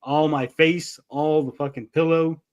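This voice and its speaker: A man's voice: fairly high pitch, fairly even intonation, unhurried, muffled recording. A man co-hosting a casual podcast chat, telling stories animatedly and swearing freely. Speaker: podcast co-host.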